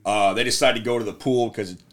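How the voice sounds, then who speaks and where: A man co-hosting a casual podcast chat, retelling a film with lots of swearing and quick voiced impressions. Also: fairly low pitch, a bit bright. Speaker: podcast co-host.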